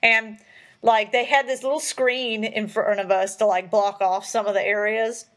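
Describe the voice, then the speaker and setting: A woman's voice: mid-range voice, fairly even intonation, moderate pace. A young woman hosting a casual chat, rambling along with many fillers as she tells stories. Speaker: host.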